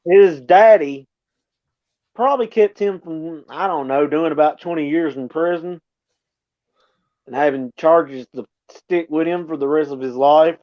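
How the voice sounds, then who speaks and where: A man with a fairly high voice rambles through casual talk, blunt and coarse. His voice comes through a dull, lo-fi line that takes the edge off it. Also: unhurried. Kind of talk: casual chat. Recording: dull lo-fi sound.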